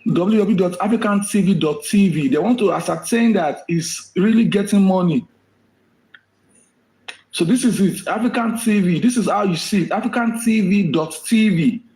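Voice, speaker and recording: Live-stream host, conversational, higher voice, echoey room sound. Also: male voice, normal speed, darkish tone. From Nigeria. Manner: relays viewer requests, reassuring, conversational.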